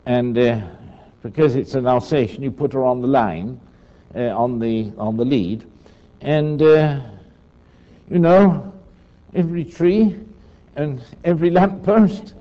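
A man's voice: medium pitch, slow pace, long pauses. An older man giving a rambling, chatty talk, often asking his listeners to agree. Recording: dull lo-fi recording.

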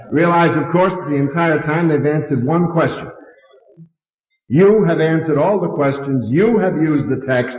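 A man preaching a sermon, telling a story and acting out the dialogue with big swings in his voice. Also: moderate pace. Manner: dramatic, acts out dialogue with big pitch swings. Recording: roomy lo-fi hall recording.

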